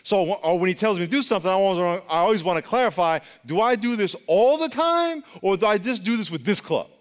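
Pastor, male, lively sermon delivery, pitched a touch high, long hall reverb. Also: fast talker. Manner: animated, swings from loud exclaims to soft asides, acts out quotes.

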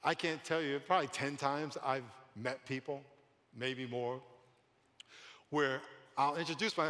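A man, a pastor, preaching a lively sermon, often laughing and repeating phrases for emphasis. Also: medium pitch, normal speed. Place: large church sanctuary. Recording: long hall reverb.

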